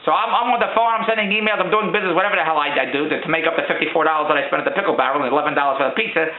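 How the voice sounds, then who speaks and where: Fast-talking, high-voiced man ranting. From Philadelphia. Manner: exasperated, joking complaints with rambling repeats. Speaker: vlogger. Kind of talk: casual storytelling rant. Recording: echoey room, tinny phone-like sound.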